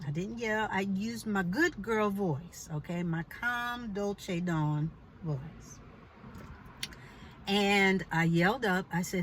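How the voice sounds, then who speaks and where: A woman's voice: mid-range voice, a bit bright, a little hiss or hum, rough recording. Chatty woman telling a story emphatically. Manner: emphatic and chatty, with pointed "okay?" asides. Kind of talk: casual storytelling vlog.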